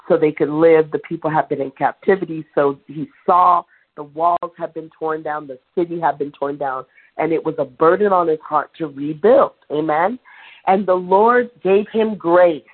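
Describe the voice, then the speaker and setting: A woman preaching a sermon in a conversational, animated way, laughing now and then. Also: low voice, husky. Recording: tinny phone-like sound.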